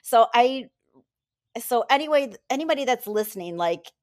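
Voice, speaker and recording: A woman's voice: fairly high pitch, lively intonation, normal speed. A woman who is a returning podcast guest, chatting eagerly and gratefully, often restarting her sentences. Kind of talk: casual podcast chat.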